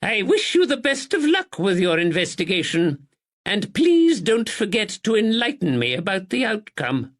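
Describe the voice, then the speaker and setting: A man's voice: high-pitched, very animated, moderate pace, a bit bright, pitched above the performer's own voice. A man voicing an imperious elderly aristocratic woman who speaks in a commanding, formal, clipped way.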